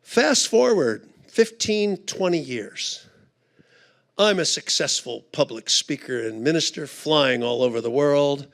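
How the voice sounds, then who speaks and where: A middle-aged man speaking at a conference, telling a funny story and acting out the voices in it. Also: high voice. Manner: animated storyteller, acts out voices. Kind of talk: humorous storytelling talk.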